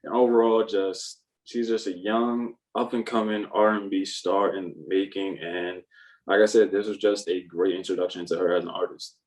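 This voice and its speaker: Young man, lowish voice, podcast co-host, emphatic, repeats his points. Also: steady tone, moderate pace, a little mellow, recorded from a distance, low-quality recording. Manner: emphatic, repeats phrases like "I'm telling you". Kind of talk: casual chat.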